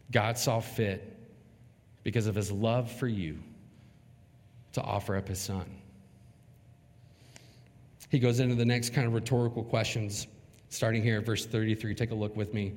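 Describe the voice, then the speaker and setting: A man preaching a sermon as pastor, speaking with dramatic, emphatic pauses. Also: fairly low pitch, fairly even intonation, a little mellow, in a large hall.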